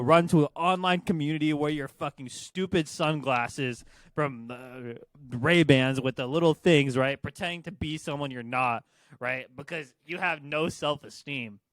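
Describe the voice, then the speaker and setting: A man's voice: a little high, normal speed, no echo. A young man co-hosting a podcast, ranting with heavy profanity at online commenters. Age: young adult. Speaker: podcast co-host. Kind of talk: casual podcast rant.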